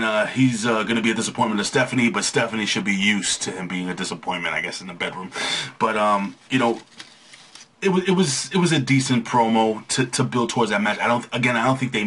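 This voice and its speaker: A man's voice: fairly low pitch, sharp tone, husky. A young man hosting a casual wrestling recap, rambling with frequent restarts and fillers. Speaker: wrestling show recap host.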